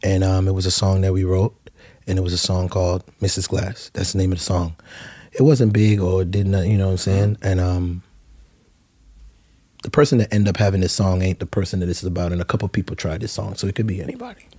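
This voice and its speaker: A man's voice: deep voice, steady tone, a little fast, warm tone, slightly rough. A man from the US Virgin Islands with a Caribbean accent, telling a story as a podcast guest in a laid-back, rambling, slangy way. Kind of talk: animated storytelling.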